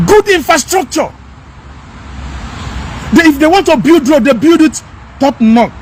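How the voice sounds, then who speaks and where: A man's voice: very high voice, lively intonation, measured pace, slight background noise. A man delivering an emphatic, repetitive, scolding rant as a commentator. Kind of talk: impassioned rant.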